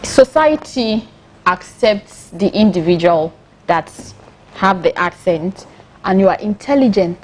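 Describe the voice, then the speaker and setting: A woman's voice: mid-range voice, animated, unhurried, a little mellow, a little hiss or hum. A Nigerian woman co-hosting a studio panel discussion, talking emphatically and firmly. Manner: emphatic, opinionated, quotes people in voices. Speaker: co-host.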